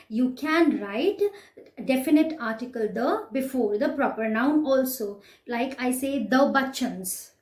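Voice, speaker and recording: A woman's voice: high voice, darkish tone. A woman with an Indian English accent teaching a class, patiently explaining exercises and often checking in with "right?". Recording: echoey room, voice slightly distant from mic.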